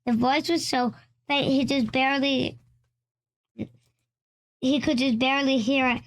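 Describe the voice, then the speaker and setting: A woman's voice: sits high, fairly even intonation, unhurried, long pauses. A woman reading a children's storybook aloud, often stumbling and restarting lines. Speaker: storybook reader.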